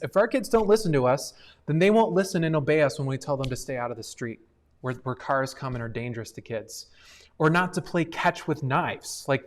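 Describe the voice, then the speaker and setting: A young adult man leading a youth ministry livestream, giving a devotional talk in an earnest, conversational way with frequent fillers. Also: medium pitch.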